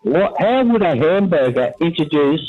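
A man's voice: on the high side, big pitch swings, normal speed, breathy edge, narrow, tinny audio. A man calling in to radio to tell short jokes with upbeat punchlines. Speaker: caller. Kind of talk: telling jokes on air.

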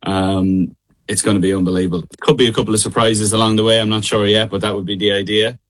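A young man with a low voice and a midlands Irish accent, talking on a call. He laughs a lot and hesitates, filling gaps with "um" and "like" as he chats easily about his tour. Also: level tone, quick pace, low-quality recording. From Ireland. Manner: laughing, hesitant, many fillers. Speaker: singer, interview guest. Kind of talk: casual interview chat. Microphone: remote call.

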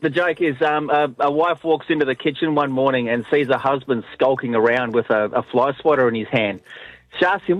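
A man's voice: mid-range voice, fairly quick, dry recording, phone-quality sound. A man calling a radio show to tell a joke, chatty and acting out the voices in it. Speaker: caller. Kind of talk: casual joke telling on the phone.

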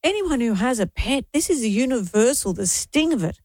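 Lady in her 60s chatting on radio, higher voice, dry studio sound, emotional and rambly. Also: lively intonation, normal speed, darkish tone, no room sound. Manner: emotional, tearful, rambling and candid. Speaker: radio co-host. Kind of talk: casual radio chat.

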